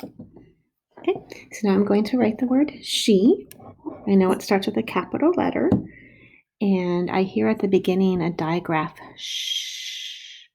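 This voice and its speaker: A woman teaching first graders to write a sentence, slowly sounding out each word and syllable with patient, clear steps. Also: mid-range voice, mellow. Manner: slow, patient, sounding out words. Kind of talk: recorded writing lesson for children. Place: home. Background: dog barking.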